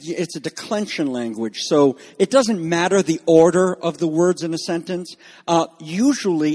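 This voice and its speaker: A man preaching an expository sermon in a measured teaching manner, acting out the quoted lines. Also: on the high side, a little mellow, big-room sound.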